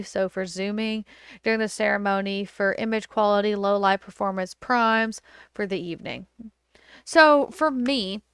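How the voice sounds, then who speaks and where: A woman hosting a laid-back podcast from home, talking casually and animatedly as she tells a story or answers a question. Her voice sits at an ordinary middle pitch and sounds dry and close to the mic, with no room echo. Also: clear, resonant tone. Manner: animated, chatty, lots of fillers and quoted dialogue. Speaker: podcast host, wedding photographer.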